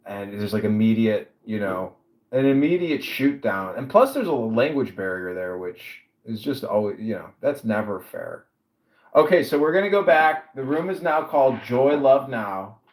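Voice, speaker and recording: A man hosting a social audio chat room who leads the group in loud, repeated chants. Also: medium pitch, lively intonation, normal speed, reverberant, low-quality recording. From Chicago area.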